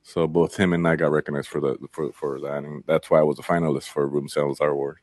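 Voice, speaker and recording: A man's voice: very deep voice, little pitch movement, fast talker, darkish tone, dry recording, clean studio sound. A young adult man, a podcast guest, talking in casual conversation, candid and rambling, with many fillers and some swearing.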